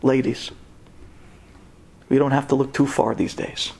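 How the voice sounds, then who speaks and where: A rabbi preaching an earnest, urging sermon to a women's audience. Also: male voice, mid-range voice, little pitch movement, a little slow, vocal fry, darkish tone.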